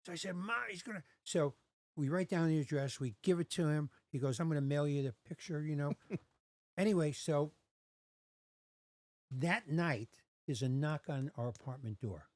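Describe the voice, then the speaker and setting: A man's voice: on the high side, moderate pace, no room sound. A man in his sixties telling a personal story in casual podcast chat, acting out the voices of the people in it. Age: 60s. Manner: animated, acts out quoted voices.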